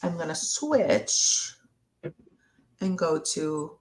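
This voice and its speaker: A woman therapist in a live Q&A, speaking slowly and reflectively, sometimes acting out what a partner might say. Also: on the low side, lively intonation, creaky, slight background noise. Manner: slow, reflective, acts out partner's words. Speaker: relationship therapist. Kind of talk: live Q&A discussion.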